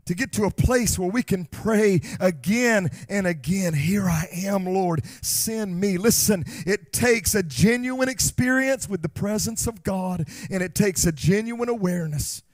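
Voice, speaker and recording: A man preaching with a strikingly high voice, his delivery rising into fervent shouts and then slowing to press a point home. The sound is close and dry, with little room echo. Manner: impassioned preaching that swells to shouts and slows on key phrases. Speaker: pastor. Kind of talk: sermon. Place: church.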